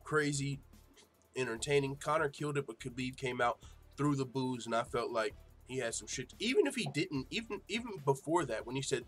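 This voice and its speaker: A man hosting a casual livestream show, reading viewer comments aloud and reacting in an animated, profane way, laughing often. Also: mid-range voice, brisk, faint music behind. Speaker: MMA show host.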